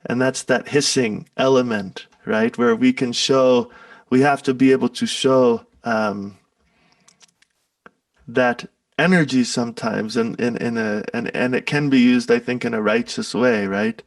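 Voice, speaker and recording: Guy chatting loose in an interview, scratchy fry in the voice, dry sound, not much room. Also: medium pitch, measured pace, no echo, recorded from a distance. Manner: loose storytelling, tags lines with "right?" and "you know". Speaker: interview guest, musician. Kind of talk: casual spiritual conversation.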